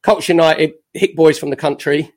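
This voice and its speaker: A man's voice: fairly high pitch, brisk. Chatty man telling football stories. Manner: lively, chatty storyteller with self-mocking jokes. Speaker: podcast guest, former footballer. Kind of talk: anecdotal storytelling on a podcast.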